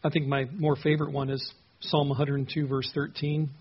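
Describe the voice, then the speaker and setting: Husky-voiced pastor teaching scripture. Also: male voice, on the high side, level tone, brisk, lo-fi sound. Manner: conversational, asks the listeners questions, repeats words. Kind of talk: expository Bible teaching.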